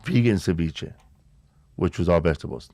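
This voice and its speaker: A man's voice: normal speed, gravelly, darkish tone, no echo. A man, hosting a podcast and telling stories in a laid-back, slangy way. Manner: laid-back storytelling, slangy, low-key delivery. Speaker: podcast host. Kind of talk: casual podcast chat.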